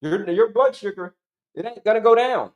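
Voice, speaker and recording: A man's voice: high-pitched, normal speed, reverberant, dull audio. A middle-aged man giving an emphatic, repetitive health coaching talk, asking and answering his own questions to the audience.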